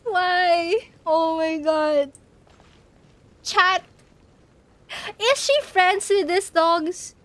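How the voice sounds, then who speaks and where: A young woman VTuber chatting casually with her viewers while gaming, giggly and excitable, shrieking in panic at the game. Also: very high voice, drawn-out words, pauses often, dry recording. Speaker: VTuber streamer. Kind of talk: casual live-stream chat while gaming.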